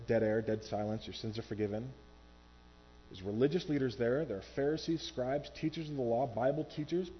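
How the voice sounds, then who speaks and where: A man delivers a sermon from a church stage in a mid-pitched voice. He is lively and acts out the people in his story. The recording is dull and lo-fi, with faint music underneath. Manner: animated, acts out quoted voices. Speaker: pastor.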